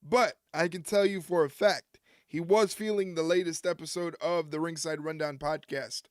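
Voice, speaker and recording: A man hosts a live watch-along in a casual, joking way. His voice sits a little high and sounds dry and close to the mic, with no room echo. He keeps the chat loose and teases a friend between plugs for his show. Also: steady tone, normal speed, clear, resonant tone. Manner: joking, teasing a co-viewer. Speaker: podcast host streaming a watch-along. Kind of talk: casual live-stream commentary.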